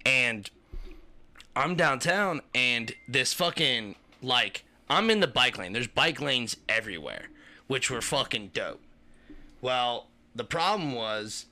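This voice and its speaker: Bright-voiced profane man telling a story. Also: mid-range voice. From Kentucky tri-state area. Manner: profane, rambling, animated storyteller. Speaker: podcast co-host. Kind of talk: casual storytelling chat.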